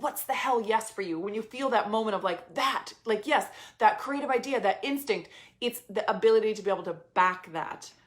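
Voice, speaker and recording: A businesswoman coach in her thirties gives a casual motivational talk in a mid-range voice, speaking emphatically, repeating phrases, and swearing casually.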